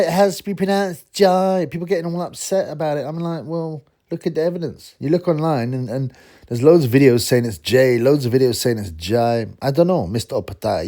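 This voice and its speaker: A man's voice: mid-range voice, a little fast, mellow. A man hosting a solo boxing channel, rambling casually and getting exasperated at his critics. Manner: rambling, exasperated, mocks critics in put-on voices.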